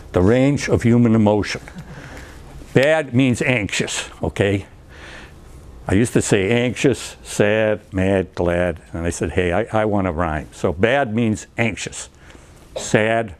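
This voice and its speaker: A man's voice: fairly low pitch, takes it slowly, long pauses. Older man lecturing with chuckles. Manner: chatty, full of fillers and restarts, acts out quoted dialogue; chuckles between points. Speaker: speaker giving a talk on recovery therapy. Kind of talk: anecdotal lecture to a group. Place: lecture room.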